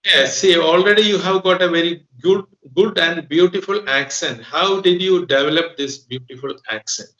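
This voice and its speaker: A man from Kerala hosting an interview, asking questions in a measured, formal way. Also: a little high, pushed and bright, reverberant, dull audio. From Kerala, India. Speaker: host, interviewer.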